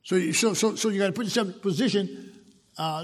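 A man's voice: high-pitched, fairly quick, in a large hall. A man preaching a sermon, repeating words and building to emphatic points. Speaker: pastor.

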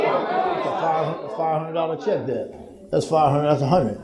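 Man preaching, high voice, shouting at peaks, congregation audible behind. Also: lively intonation, moderate pace. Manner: call-and-response, rising to shouts. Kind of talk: sermon. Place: large church hall with congregation. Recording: crowd noise from congregation.

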